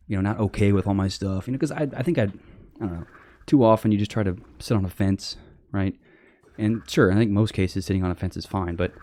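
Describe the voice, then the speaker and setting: Blunt rambling man with a dark voice. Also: dry recording. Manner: rambling, blunt, with frequent fillers and swearing; mocks others with high sarcastic voices. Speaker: podcast host. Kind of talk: casual opinion monologue.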